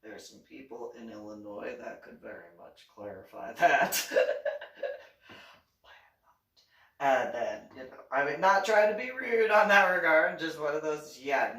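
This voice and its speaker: A woman's voice: deep voice, expressive, measured pace, pauses often, a bit bright, reverberant, distant mic. A woman hosting her own channel, talking in a casual monologue, laughing often and mocking others with put-on quotes.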